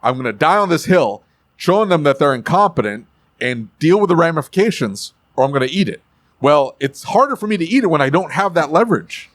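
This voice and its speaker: A man's voice: fairly high pitch, brisk, no echo. A middle-aged man co-hosting a casual podcast, talking bluntly and animatedly about running a shop. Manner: blunt, animated, acts out yelling at customers and techs. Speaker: podcast co-host, shop owner.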